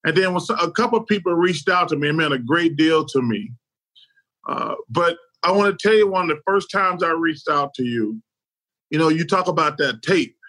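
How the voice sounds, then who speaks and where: A man's voice: fairly high pitch, lively intonation, moderate pace, pushed and bright, poor audio. A middle-aged man co-hosting a talk show, speaking earnestly and emotionally and drawing out his words. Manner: earnest, choked up, drawn out. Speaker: co-host.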